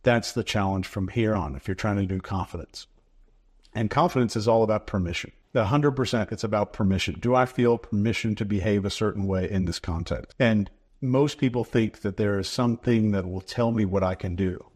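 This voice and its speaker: A man with a fairly low, voice talks through his ideas as an interview guest. He speaks in a measured, instructive way, leaning on short repeated phrases to drive each point home. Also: darkish tone. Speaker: behavior expert guest.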